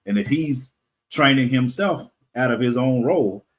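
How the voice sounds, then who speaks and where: A man's voice: mid-range voice, moderate pace, a little hiss or hum. A man, a comic creator guest, talking casually in a podcast interview, rambling with fillers and frequent laughs.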